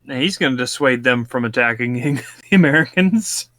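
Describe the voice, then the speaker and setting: A man's voice: mid-range voice, animated, normal speed, fairly bright tone, no echo. A man co-hosting a podcast, riffing on a movie with dry, sarcastic quips. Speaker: podcast co-host.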